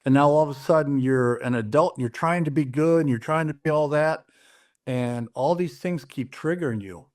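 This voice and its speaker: A man's voice: a little high, moderate pace, darkish tone. A middle-aged man telling his personal story in an interview, earnest and plain-spoken, often restarting his sentences as he retells conversations. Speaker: interview guest.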